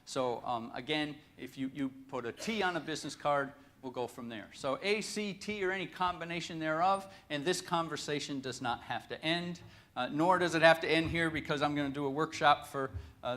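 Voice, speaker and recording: A man giving a lively storytelling talk at a conference, folksy and joking. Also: fairly high pitch. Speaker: conference speaker.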